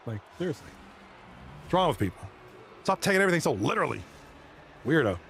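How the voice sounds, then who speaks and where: Male live streamer, chatty and excitable, slightly raised pitch. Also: fast, gravelly, a little hiss or hum. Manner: rambling, excitable, chats with viewers. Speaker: live streamer and league commentator. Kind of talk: casual live-stream chat.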